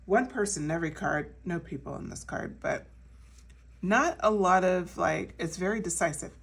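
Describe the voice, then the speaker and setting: A woman's voice: fairly low pitch, expressive, normal speed, vocal fry. Chatty woman reading tarot, slightly distant. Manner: chatty and reassuring, full of fillers and restarts. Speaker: tarot reader. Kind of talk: casual pick-a-card tarot reading.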